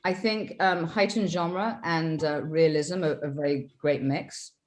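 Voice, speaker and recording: A British woman, a film director, answering interview questions over a video call, thoughtful and pausing with many fillers. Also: low voice, fairly even intonation, a little mellow.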